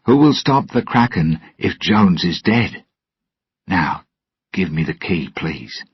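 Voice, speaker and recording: A man voicing Jack, a sly, husky pirate captain. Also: big pitch swings, slow pace, dry recording, full character voice. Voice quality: husky low voice. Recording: dull lo-fi recording.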